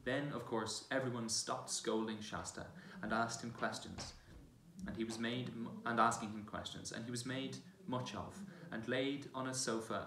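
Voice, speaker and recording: A man's voice: on the low side, fairly bright tone. Man reading aloud in a church. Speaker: reader. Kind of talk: reading a children's novel aloud. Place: large church. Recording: roomy church from far off, faint hiss.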